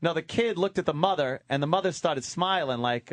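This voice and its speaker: A man's voice: fairly high pitch, brisk. A man trading crude, mocking jokes on a talk radio show, often slipping into put-on voices. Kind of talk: crude comedic radio banter.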